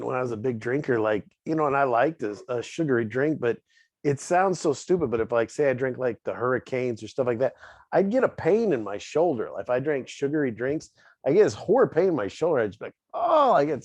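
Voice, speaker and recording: A man's voice: mid-range voice, lively intonation, brisk, a little mellow, dry recording. A man in casual podcast chat, rambling and laughing through a story as co-host.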